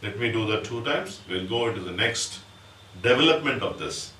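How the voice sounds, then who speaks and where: A man with an Indian English accent teaching percussion, explaining step by step and reciting drum syllables slowly. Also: fairly low pitch, lively intonation. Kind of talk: music lesson with spoken rhythm syllables. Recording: roomy, distant mic, audible background noise.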